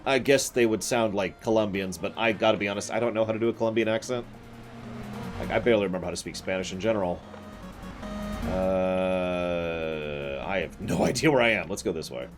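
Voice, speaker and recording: A man's voice: deep voice, fairly quick. A man chatting casually with viewers while playing a game on a live stream, self-deprecating and prone to sudden outbursts. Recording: game music behind.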